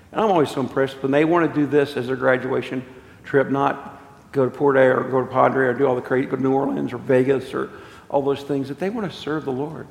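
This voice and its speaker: A man's voice: medium pitch, vocal fry. A male pastor preaching earnestly, asking rhetorical questions, in a church sanctuary. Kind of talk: sermon. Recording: echoey hall, long reverb.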